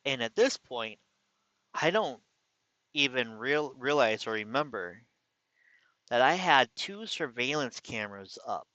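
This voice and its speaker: Мужчина искренне и с недоверием рассказывает личную историю, часто запинаясь и начиная фразы заново. Голос яркий и напряжённый, звук сухой, без эха, слегка глуховатый, как на простой записи. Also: male voice, medium pitch, animated, pushed and bright, no room sound. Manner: earnest, incredulous, halting with restarts. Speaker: vlogger. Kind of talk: personal storytelling. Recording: slightly dull lo-fi recording.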